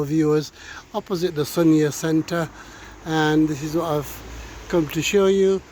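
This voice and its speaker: A man's voice: on the high side, steady tone, unhurried, a little mellow. A middle-aged man, out of breath, giving a hesitant, filler-heavy walking tour of local streets while talking to his viewers. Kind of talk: casual walking commentary. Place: outdoors on town streets. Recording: faint street and traffic noise.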